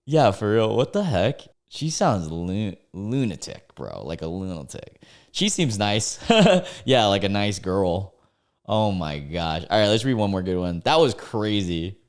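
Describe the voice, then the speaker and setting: A man's voice: on the low side, smooth. A young man giving casual, laughing reaction commentary on online posts, incredulous and slangy. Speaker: YouTuber reading out online posts.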